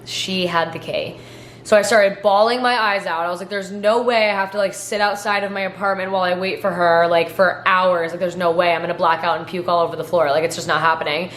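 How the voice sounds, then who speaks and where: A woman's voice: on the low side, steady tone, a little fast, a bit bright, slight background noise. A young woman in her twenties telling stories in a casual question-and-answer vlog, chatty, full of fillers and swearing. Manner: chatty, filler-heavy, profane. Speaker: vlogger. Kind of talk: casual Q&A storytelling. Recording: echoey room.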